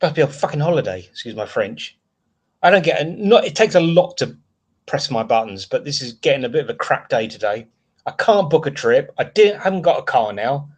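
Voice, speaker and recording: A man hosts a live chat stream, his voice sitting at an ordinary middle pitch. He talks in a loose, rambling way, venting his frustration and breaking off to answer viewers in the chat. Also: big pitch swings, brisk, breathy edge. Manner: frustrated rambling rant, reading out chat comments. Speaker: livestream host.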